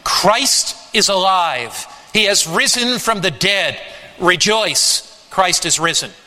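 A man preaching a sermon, slow and emphatic, repeating his refrains. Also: sits high, lively intonation, sharp tone. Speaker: pastor. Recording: long hall reverb.

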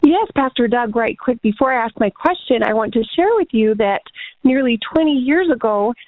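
A woman's voice: a little high, no echo. A woman calling in to a radio Bible show, earnest and polite as she asks her question. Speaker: caller. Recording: phone line.

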